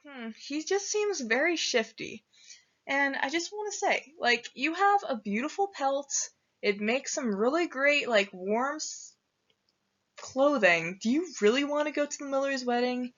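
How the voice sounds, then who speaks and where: A woman's voice: on the high side, a bit bright. A woman doing a slangy blunt young boy. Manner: casual slang, blunt warnings. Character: streetwise young boy, blunt friendly advisor. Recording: dull lo-fi recording.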